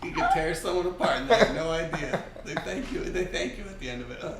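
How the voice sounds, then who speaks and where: A man's voice: fairly high pitch, lively intonation, fast. A man co-hosting a podcast in casual chat, joking and laughing often. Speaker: podcast co-host. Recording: roomy echo, faint noise.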